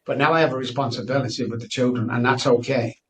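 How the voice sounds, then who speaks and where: A man's voice: medium pitch, steady tone, fast. Middle-aged guy telling his story, earnest, kinda far from the mic. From Manchester, England. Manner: earnest, candid, frequent restarts. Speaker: guest. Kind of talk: personal storytelling interview.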